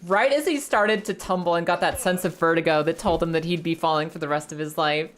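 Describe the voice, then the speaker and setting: A young woman with a slightly low voice narrates her own gameplay live, chatting to viewers and swearing freely. Her talk is loose and conversational. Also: brisk. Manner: chatty, swears, talks to her chat while playing. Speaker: streamer.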